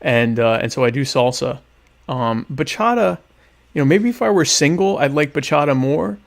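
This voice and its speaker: A young adult man hosting a podcast, answering listener questions in a deadpan, ironic, rambling way while eating dinner. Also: medium pitch, moderate pace, creaky. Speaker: podcast host. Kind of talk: casual solo chat answering listener questions.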